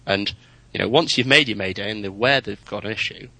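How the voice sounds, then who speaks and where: Man, casual chat, bright forceful voice, dry close sound, lowish pitch. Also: fast, dry recording, low-quality recording. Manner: chatty, anecdotal, animated when telling stories. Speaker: podcast co-host, private pilot. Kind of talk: casual chat about flying.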